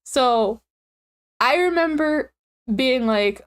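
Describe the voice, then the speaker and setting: Young woman, high voice, tired, giggly casual streamer chat. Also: slow pace, clear, resonant tone. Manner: chatty, giggly, animated swings in pitch. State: tired, yawning.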